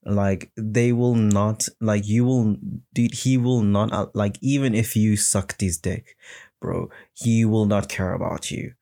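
A man's voice: fairly low pitch, steady tone, takes it slowly, vocal fry, dark tone. A man hosting his own podcast, ranting in a rambling, heated, unscripted way and swearing often. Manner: rambling, heated, swearing, mimics others in mocking voices. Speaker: podcast host. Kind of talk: solo casual rant.

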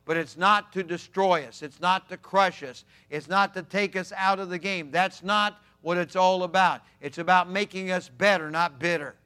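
A male pastor preaching a sermon, emphatic, swinging between loud declarations and quiet asides. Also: high-pitched, fairly even intonation, normal speed, hardly any pauses, smooth.

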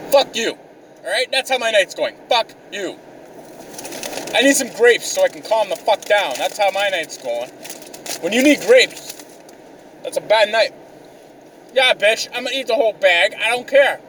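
A man's voice: high-pitched, fairly bright tone. A young man ranting exasperatedly in a profane, comedic vlog, swearing constantly. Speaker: vlogger. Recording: mic a bit distant, faint car noise.

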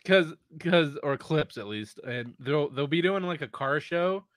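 A man co-hosting a casual live podcast, telling stories with lots of swearing and loud mimicked voices. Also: fairly high pitch, unhurried, no room sound. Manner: profane, animated storytelling with loud put-on voices. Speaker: podcast co-host. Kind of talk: casual chat.

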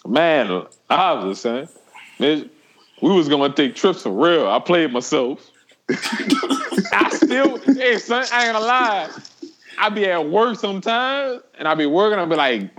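A young man telling a story in casual chat, animated and profane, laughing as he talks. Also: sits high, a little slow, noisy background.

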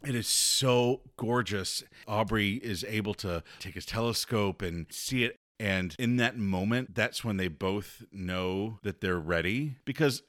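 A man co-hosting a podcast, retelling a romance novel's plot in lively, casual chat. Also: lowish voice, unhurried, hardly any pauses, no echo, studio quality. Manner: animated storytelling, laughs often. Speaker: podcast co-host.

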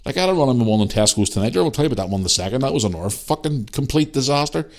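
A man in his thirties tells a story on his podcast, heated and profane. His pitch leaps up and down as he goes, lively all the way through. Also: very fast. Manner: heated storytelling, heavy swearing, animated re-enacted dialogue. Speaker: podcast host. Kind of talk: casual ranting monologue.

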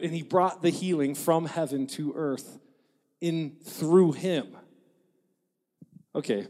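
A man preaching a sermon in an animated, joking way, acting out quotes and laughing at his own jokes. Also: a little high, breathy edge. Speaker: pastor. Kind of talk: lively sermon. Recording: long reverb of a large hall.

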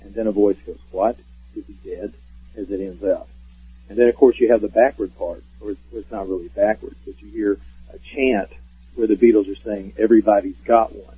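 A man's voice: lowish voice, steady tone, fairly quick, husky. A man calling in as a guest on a radio show, telling stories at length with many fillers and restarts. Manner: rambling storyteller with many fillers. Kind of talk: casual radio interview. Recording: tinny phone line.

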